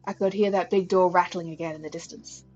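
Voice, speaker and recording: A woman streamer reading a visual novel's first-person narration aloud at a steady pace, with small stumbles. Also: fairly low pitch, quick pace, muffled recording, faint music behind.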